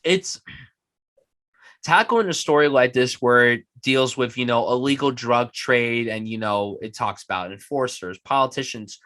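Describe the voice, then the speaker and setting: A man's voice: mid-range voice, measured pace, fairly bright tone, no room sound. A man hosting a casual film podcast, talking with enthusiasm and plenty of swearing. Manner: enthusiastic, profane, puts on mock voices. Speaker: podcast host.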